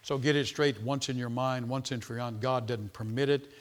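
A middle-aged man preaching a sermon, emphatic, repeating words and swinging from loud to quiet. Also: medium pitch, fairly even intonation, moderate pace. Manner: emphatic, repeats words, rises and falls sharply in loudness.

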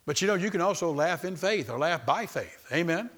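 Male preacher mid-sermon; emphatic, repetitive delivery, slightly high voice. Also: expressive, a little fast, fairly bright tone. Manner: emphatic, repetitive, calls to the congregation.

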